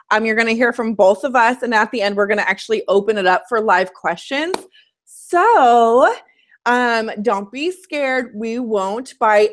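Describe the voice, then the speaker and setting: A woman coach hosting a casual live stream from home, chatty and candid as she shares her personal story. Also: mid-range voice.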